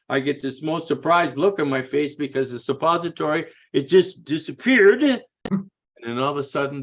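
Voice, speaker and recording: A man's voice: medium pitch, creaky, dull audio. A man telling blunt, crude-humored stories as an interview guest, tagging his lines with "man" and "eh". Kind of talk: casual storytelling.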